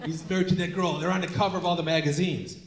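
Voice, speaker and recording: Older dad, forgetful and gruff, rambling, a bit higher and louder, as a comedian puts him on, echoey hall with a laughing crowd. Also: male voice, fairly even intonation, quick pace, lightly acted. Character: forgetful grumpy older father, man.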